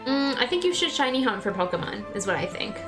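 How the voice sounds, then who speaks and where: A woman's voice: a little high, very animated, quick pace. A young adult woman streamer chatting casually and thinking aloud while she plays. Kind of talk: casual gameplay commentary. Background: game music.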